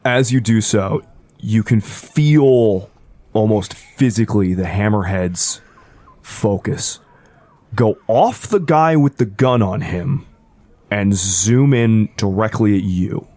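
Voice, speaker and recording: A man narrating as game master of a tabletop game in a casual, animated way. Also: on the low side, slow pace, dry recording.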